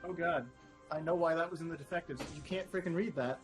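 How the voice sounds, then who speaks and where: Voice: mid-range voice, fast, soft background music. A player in a tabletop game, talking casually with hesitant restarts and laughing asides.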